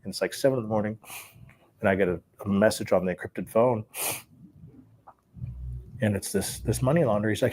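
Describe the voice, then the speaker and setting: A man telling his life story in an interview, animated and profane, often laughing as he talks. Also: lowish voice, a little fast, pauses often.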